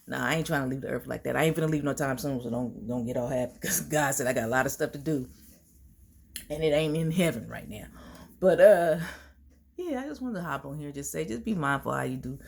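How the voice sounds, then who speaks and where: A woman's voice: very deep voice, a little fast, vocal fry, a little mellow, husky. A woman vlogging to her viewers in a casual, slangy, storytelling way, laughing often.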